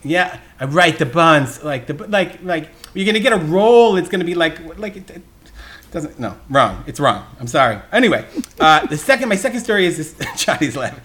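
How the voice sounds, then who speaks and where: A man hosting a casual podcast chat, telling stories in an animated way and laughing often. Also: fairly high pitch, brisk. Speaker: podcast host.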